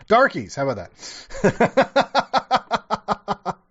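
A man's voice: high voice, huge pitch swings, very slow, a bit bright, dull audio. A man giving casual reaction commentary, rambling and profane, with sarcastic asides and many restarts. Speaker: commentator reacting to an old TV show.

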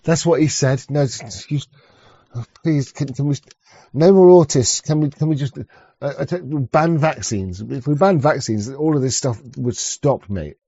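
A man's voice: medium pitch, animated, moderate pace, warm tone, husky, no echo. A man ranting in rambling reaction commentary, crude and sarcastic, with frequent restarts, on a dull lo-fi mic. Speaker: streamer reacting to a clip.

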